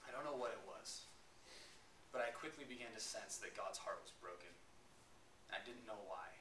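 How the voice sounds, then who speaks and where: A man's voice: on the low side, moderate pace. Young man, student preacher, casual storytelling with lots of "like", echoey classroom, far from mic, background noise. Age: young adult. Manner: casual, filler-heavy storytelling with "like". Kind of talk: first-person narrative sermon. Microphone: far camera. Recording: roomy classroom from far off, noisy.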